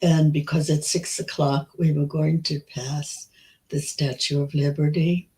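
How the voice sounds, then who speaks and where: Older woman, 90s, interview guest; slow, halting storyteller, frequent restarts. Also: low-pitched, level tone, warm tone, rough recording. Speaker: Holocaust survivor guest. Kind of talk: recounting memories in an interview.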